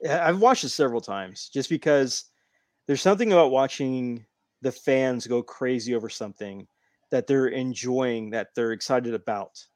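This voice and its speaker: A man's voice: mid-range voice, moderate pace, no echo, studio quality. A man hosting a casual podcast chat and eagerly telling stories, acting out what people said. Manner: enthusiastic storyteller, acts out quotes.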